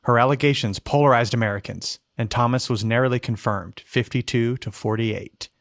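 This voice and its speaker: A man's voice: medium pitch, fairly even intonation, normal speed, no room sound, studio quality. A man hosting a podcast, reading out history headlines and joking about them in casual chat. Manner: jokey, reads out history headlines. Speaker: podcast host.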